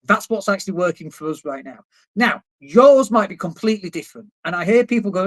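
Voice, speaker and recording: A man's voice: high voice, animated, fairly quick. A man and marketing coach, talking casually on a livestream. He is blunt and emphatic and swears now and then. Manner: blunt, emphatic, swears casually, mocks objections in put-on voices. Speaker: marketing coach and live streamer. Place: indoors at a computer, living in Spain.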